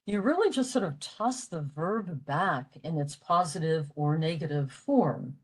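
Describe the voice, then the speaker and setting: Older woman presenting a library lecture; slow, deep, halting delivery full of "uh"s. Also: lively intonation, slightly rough, rough recording. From western Pennsylvania, USA. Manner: halting, with frequent "uh" fillers. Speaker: presenter of a library language talk. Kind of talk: explaining a lecture.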